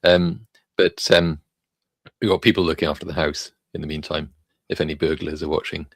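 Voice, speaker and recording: Welsh-born man, low and gravelly, hesitant self-deprecating livestream co-host. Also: level tone, moderate pace, a bit bright, no room sound. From Wales. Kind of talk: casual livestream chat.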